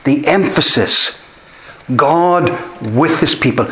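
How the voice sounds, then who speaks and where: Earnest preacher in an echoey church. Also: male voice, fairly high pitch, very animated, unhurried, pushed and bright. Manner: earnest, emphatic, repeats key phrases. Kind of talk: sermon. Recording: echoey room.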